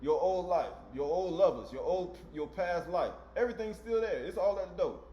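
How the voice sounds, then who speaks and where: A man's voice: high-pitched, lively intonation, normal speed, mellow, lo-fi sound. A man giving a casual, conversational sermon, often checking in with "right?" and acting out dialogue in slangy voices. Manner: conversational, tag questions like "right?". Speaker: preacher. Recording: echoey room with faint music.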